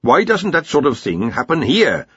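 A glum older wizard, as a man voices him, mournful and sighing, pitched above the reader's own voice. Husky, dry and slightly dull. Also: sing-song, normal speed, fairly bright tone, dry recording, full character voice. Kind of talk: audiobook character voice.

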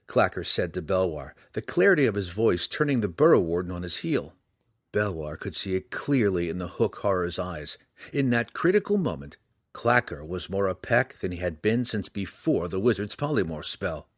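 A man narrating a fantasy audiobook in an expressive, dramatic reading. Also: sits low, moderate pace, no echo, studio quality.

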